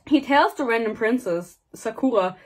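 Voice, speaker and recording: A woman's voice: a little high, animated, moderate pace. A woman in her twenties giving a casual book rant, exasperated and sarcastic, swearing freely and rambling off on tangents. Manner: rambling and digressive. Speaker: book reviewer.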